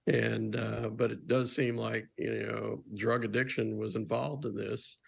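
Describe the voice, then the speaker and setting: A male panelist on a news show, speaking slowly and carefully with small hesitations. His voice is very gravelly and husky, low and flat in pitch. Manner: measured, hesitant with fillers. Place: TV studio.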